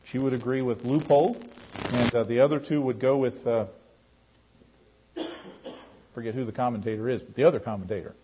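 A man's voice: steady tone, brisk, long pauses, slight background noise. A man teaching a Bible class in a conversational way, calling on class members by name. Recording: muffled low-fidelity recording.

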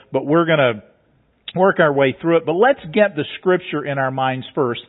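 A man preaching a sermon, explaining a passage step by step in a teacherly way and often repeating words as he goes. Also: fairly high pitch. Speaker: pastor. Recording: tinny phone-like sound.

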